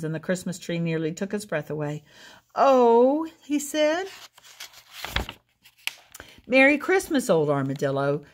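A woman reads a picture book aloud in a gentle, unhurried way. Her voice is middle-pitched and calm, and she pauses now and then to point out the pictures to her listeners. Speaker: storyteller.

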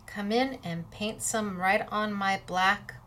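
A woman's voice: mid-range voice, steady tone, takes it slowly, sharp tone, a little hiss or hum. Lady chatting through a craft demo, playful and easygoing, talks as she works. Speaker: crafting class host. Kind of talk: casual crafting demonstration.

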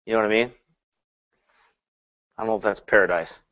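A man preaching a sermon in an animated way, swinging between loud and hushed, laughing often and mocking with put-on quotes. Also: lowish voice, a little fast, dull audio.

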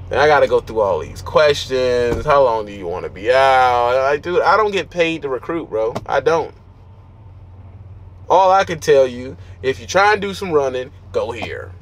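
A man's voice: fairly high pitch, fairly bright tone, a little hiss or hum. A man who drives a truck, giving blunt, preachy advice in street slang from his truck cab. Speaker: trucker vlogger.

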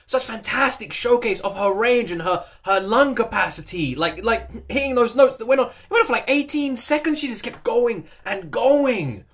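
A man's voice: high-pitched, a bit bright. Gushing British man reacting to music. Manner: effusive, gushing, breaks into laughter. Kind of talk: reaction commentary. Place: seated indoors in his recording chair.

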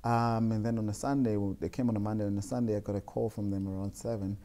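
A young man, a guest telling stories in a relaxed, rambling way with many fillers. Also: lowish voice, quick pace. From South Africa. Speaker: guest, jeans designer. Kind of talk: casual storytelling interview.

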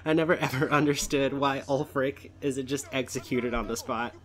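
A man's voice: medium pitch, fairly even intonation, moderate pace. A man in his twenties giving casual, rambling gameplay commentary, swearing and correcting himself often. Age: 20s. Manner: rambling, profane, self-correcting. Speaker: let's play host.

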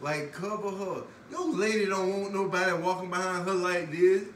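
A man's voice: sits high, steady tone, normal speed, echoey room, crowd noise. A man, co-hosting a couple's cooking show, joking and teasing his partner through a playful cooking demonstration in a home kitchen. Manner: playful, teasing, loud bursts of laughter.

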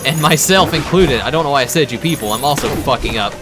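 A man giving excitable, profane, jokey commentary while playing a video game. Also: medium pitch, quick pace, over loud music. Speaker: let's-play gamer.

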